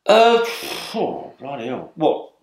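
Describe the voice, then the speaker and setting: Gravel-free 70s London man, rambling storyteller, roomy echo. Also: a little high, big pitch swings, slow. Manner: rambling, tags lines with "yeah?" and "you know what I mean?". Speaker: interview guest. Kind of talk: storytelling interview.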